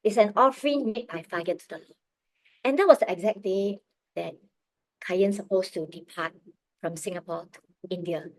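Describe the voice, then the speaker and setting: A middle-aged woman telling a personal faith testimony as a parent, earnest and emotional, often dropping her voice very low. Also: moderate pace, no echo. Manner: earnest, emotional storytelling, drops to near whispers.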